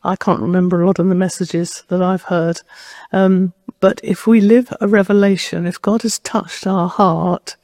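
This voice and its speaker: A woman's voice: lowish voice, little pitch movement, normal speed, darkish tone, no room sound. A woman preacher giving a sermon, telling a personal story in a conversational, direct way.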